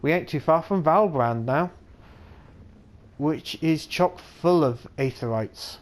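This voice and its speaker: A man voicing a friendly, folksy male merchant on a ship, reading his lines in a slow, halting way. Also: a little high.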